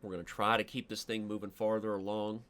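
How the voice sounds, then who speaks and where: A man with a lowish voice, joking his way through live chess commentary. He rambles playfully between moves as he streams. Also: little pitch movement, fast, a bit bright.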